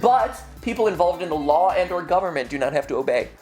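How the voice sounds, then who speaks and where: A man's voice: fairly high pitch, animated, fast, a little mellow, soft background music. A young man co-hosting a casual livestream, joking and teasing and often laughing. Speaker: livestream co-host.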